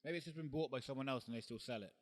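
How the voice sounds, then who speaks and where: A man co-hosting a casual podcast, swearing freely and telling animated, joking anecdotes. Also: medium pitch, very fast. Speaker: podcast co-host. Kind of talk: casual banter.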